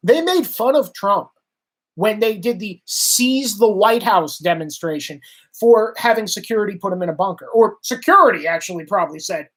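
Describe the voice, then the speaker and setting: A man's voice: high-pitched, normal speed, fairly bright tone. A man ranting as a political commentator, sarcastic and emphatic, hammering his points through repetition. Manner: sarcastic, exasperated.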